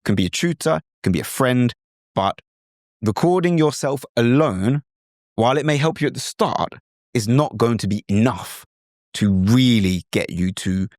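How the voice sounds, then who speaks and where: Lively British man, dry close sound. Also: on the low side, dry recording. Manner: lively, demonstrative, slips in and out of mimicked accents. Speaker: podcast host. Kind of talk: instructional podcast talk.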